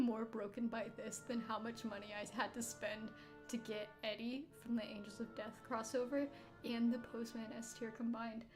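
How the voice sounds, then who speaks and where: A woman's voice: fairly high pitch, level tone, moderate pace, music in the background. A young woman streaming a game, giggly and exasperated, laughing through her casual commentary.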